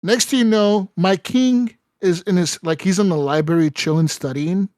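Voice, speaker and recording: This podcast host's voice sits a bit above average in pitch, with a darkish tone and a moderate pace. He spins an animated story in casual conversation, swearing a lot and peppering it with "right?" fillers. The recording is dry, close and echo-free.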